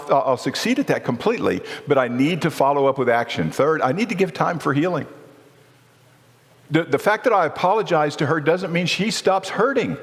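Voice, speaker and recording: Earnest middle-aged man preaching in reverb. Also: fairly high pitch. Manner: earnest, conversational preaching with rhetorical questions. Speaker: marriage seminar speaker. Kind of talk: sermon. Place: church. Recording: long reverb of a church hall.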